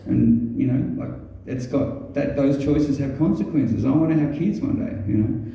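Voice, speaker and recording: An Australian man telling a rambling stand-up story, stumbling through ums and restarts and swearing as he goes. His voice is mellow and of middling pitch. He is picked up from a distance in a very echoey venue. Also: gravelly, a little hiss or hum. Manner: halting, many ums and restarts, swears freely. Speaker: stand-up comedian. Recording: very echoey room, mic far off.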